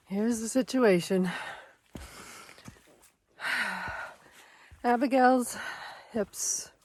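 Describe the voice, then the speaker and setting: A woman's voice: mid-range voice, darkish tone. A woman hiker talking casually to her camera outdoors on a rocky trail, chatty and plainspoken, sighing between thoughts. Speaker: long-distance hiker vlogger. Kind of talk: casual vlog talk to camera.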